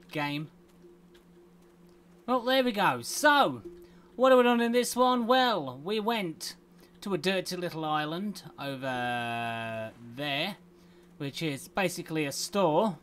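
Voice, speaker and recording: A man's voice: on the high side, lively intonation, slow pace, pauses often, a bit bright, slight background noise. A man hosting a gaming channel, chatting casually and playfully grumbling as he plays. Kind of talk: casual let's play commentary.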